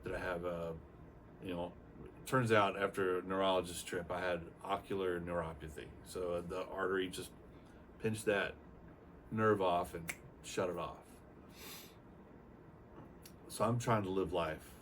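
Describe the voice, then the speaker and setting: An older man with a low voice tells his story in a casual, rambling way, acting out bits of dialogue as he goes. The mic sits some way off. A faint hum of room noise runs behind him. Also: moderate pace, recorded from a distance. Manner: rambling, animated retelling with acted-out quotes. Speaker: retired Navy aircrewman giving a testimonial.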